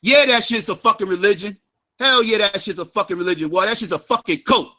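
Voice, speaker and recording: Shouting frequently and a little fast, a livestream host fires off a heated, profane tirade at those who stood against him. His high voice sounds harsh and forceful, he mocks them in a sing-song tone, and he keeps hammering the same phrase repeatedly.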